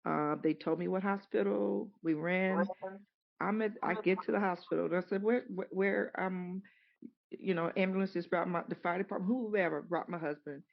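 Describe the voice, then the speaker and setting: A middle-aged woman, an interview guest, telling a personal story in a halting way, repeating words and acting out the dialogue. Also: fairly low pitch, fairly even intonation, vocal fry. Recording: dull lo-fi recording.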